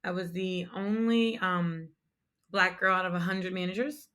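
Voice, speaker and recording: A woman's voice: on the low side, fairly even intonation, measured pace, bright, forceful tone, clean tone. A young adult woman, a company founder, telling her story in a casual and candid way as an interview guest, with lots of fillers. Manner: candid, chatty, frequent fillers.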